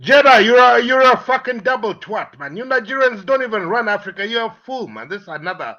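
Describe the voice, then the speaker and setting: Caller: man, high, animated delivery, ranting and taunting in a heated stream argument. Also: brisk, lo-fi sound. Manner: abusive, shouting insults, taunting.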